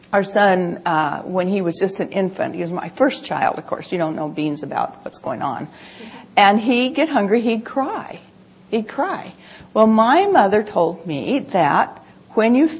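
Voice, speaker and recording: A middle-aged woman gives a Bible teaching talk in an earnest way. Her voice is gravelly with some fry, and husky. She explains her points with homely examples from family life. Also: fairly high pitch, a little mellow.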